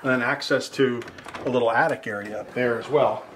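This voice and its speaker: Speaking to the camera in a casual walkthrough, a middle-aged man acting as a real estate agent rambles and jokes his way around a large empty house, a little short of breath. His mid-range voice is steady in tone and fairly quick. Noise sits in the background, and the empty rooms echo.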